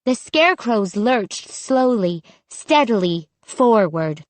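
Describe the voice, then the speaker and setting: Slow, measured woman narrating a spooky audiobook. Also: mid-range voice, very animated, no echo.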